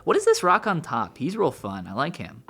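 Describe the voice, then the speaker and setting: A man's voice: on the high side, wildly swooping pitch, moderate pace, creaky, bright, forceful tone, breathy edge. A man chatting casually and teasing his co-host while they draw together. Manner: playful, teasing, jokey. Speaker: co-host drawing with a partner. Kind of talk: casual chat while drawing.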